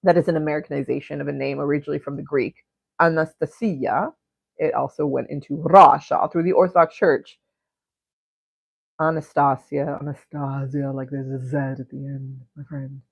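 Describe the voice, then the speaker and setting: A woman's voice: low voice, steady tone, fairly quick, creaky, husky, no echo. A young woman hosting an art livestream, chatting casually and crudely while she paints, rambling and giggling between topics.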